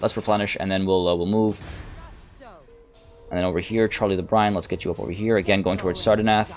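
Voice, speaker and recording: A man with a low, steady voice narrates his own strategy game a little quickly, faint music playing behind him. He's a let's play host giving gameplay commentary, thinking aloud in a hesitant, musing way.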